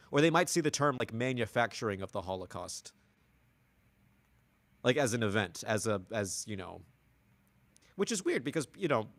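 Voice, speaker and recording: A man's voice: mid-range voice, a bit bright, no echo. A man co-hosting a casual podcast chat, rambling and profane and full of restarts. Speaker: podcast co-host.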